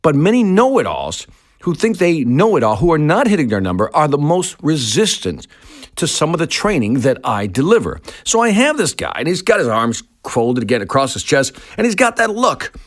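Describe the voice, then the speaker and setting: A man's voice: a little high, big pitch swings, moderate pace. A man hosting a podcast, telling a sales story in an emphatic monologue and repeating his key points. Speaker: sales trainer and podcast host.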